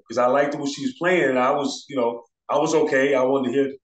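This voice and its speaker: A man's voice: medium pitch, fairly even intonation, a little fast. Laid-back man telling stories in a roomy space. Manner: laid-back, acts out quoted voices. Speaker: DJ and turntablist guest. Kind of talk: casual storytelling interview. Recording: roomy echo.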